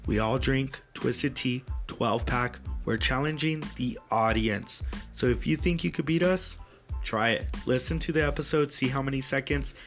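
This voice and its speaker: A man hosting a casual podcast with friends, loose and joking, swearing freely. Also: medium pitch. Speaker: podcast host.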